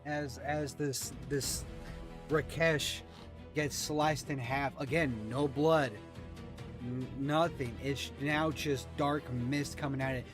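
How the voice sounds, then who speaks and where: A man running a tabletop game as game master, narrating the scene in an animated way. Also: medium pitch, slow, music in the background. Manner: animated, shouts out monster lines.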